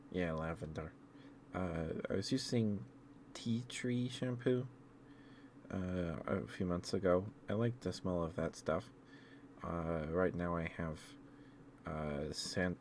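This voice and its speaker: A man streaming ASMR, chatting softly with viewers in a gentle, affectionate and halting way. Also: sits low, a little hiss or hum. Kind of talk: soft-spoken ASMR chat with viewers.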